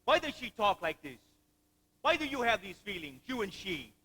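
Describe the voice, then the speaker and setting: A man's voice: sits high, very animated, normal speed, bright, forceful tone, slightly rough, full character voice. A teenage boy acting and singing as a heartbroken middle-aged French planter in a school musical on stage. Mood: pleading. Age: late teens. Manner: pleading, emphatic, sung passages. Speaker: student actor in a school musical.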